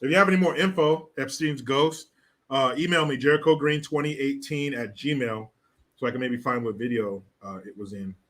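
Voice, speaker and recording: A man's voice: medium pitch, moderate pace, a bit bright. A man hosting a casual livestream, reading viewer comments in a crude, mocking way and laughing often.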